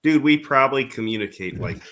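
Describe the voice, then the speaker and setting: A man's voice: medium pitch, expressive, brisk, a bit bright. A man co-hosting a podcast, joking with his co-host and then giving motivational advice about growth. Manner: teasing, motivational, builds points with examples. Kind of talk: casual podcast chat.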